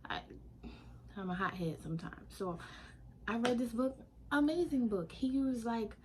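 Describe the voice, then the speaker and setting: A woman telling a casual storytime vlog, animated and sassy, laughing often. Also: medium pitch, a little hiss or hum. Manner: animated, sassy, laughing often, African American Vernacular English slang.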